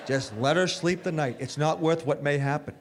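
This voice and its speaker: A man doing a stand-up comedy set at a live venue, telling self-mocking stories in an animated way. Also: fairly high pitch, moderate pace. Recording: live stage with hall reverb, faint noise.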